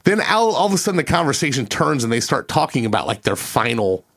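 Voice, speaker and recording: Casual podcast co-host, male, lively swinging pitch, swears and laughs his way through stories. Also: quick pace. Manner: swears freely, laughs often while telling a story. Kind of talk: casual storytelling chat.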